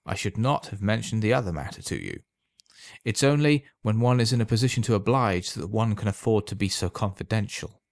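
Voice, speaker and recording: A man voicing a sly, calm old man who sells love potions, speaking smoothly and unhurriedly in a quietly insinuating way. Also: on the low side, fairly quick, no room sound, studio quality. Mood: confiding.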